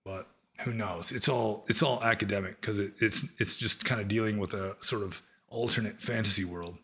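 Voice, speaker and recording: A man's voice: fairly low pitch, fairly even intonation, normal speed, fairly bright tone. A middle-aged man and former monk, casually answering listener questions in a rambling, conversational way. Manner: rambling, conversational, many fillers. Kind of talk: casual Q&A talk.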